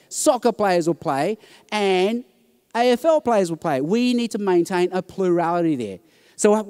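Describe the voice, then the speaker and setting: Man, high voice, lively talk to a conference crowd, acts out the voices he quotes. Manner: animated storytelling, acting out quoted voices. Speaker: conference speaker. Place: conference hall.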